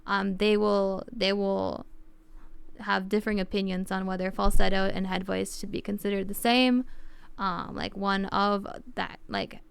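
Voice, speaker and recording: A woman streamer talking casually on her livestream, thinking aloud and circling back with constant fillers. Her voice is very clear and crisp, with a gravelly fry at the edges. The sound is dry and close. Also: medium pitch, flat delivery, unhurried, no room sound.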